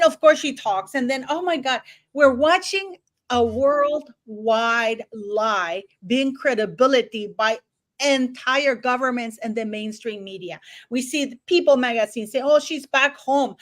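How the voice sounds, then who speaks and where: High voiced woman running a live stream, excited and animated. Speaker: channel host. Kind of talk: casual live-stream chat.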